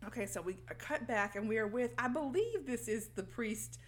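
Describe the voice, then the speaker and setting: A woman's voice: a little high, animated, normal speed, a loud crowd. A woman co-hosting a podcast, telling a film's story in casual chat and acting out the characters' lines. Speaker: podcast co-host recapping a film.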